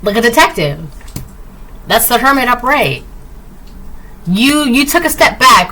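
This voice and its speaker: A woman's voice: on the high side, sing-song, measured pace, pauses often, bright, forceful tone, low-quality recording. Woman, tarot reader, casual and rambling, breezy, dismissive. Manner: rambling, full of "like" and "right?"; breezy and dismissive, repeats "blah, blah". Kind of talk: casual tarot reading to camera.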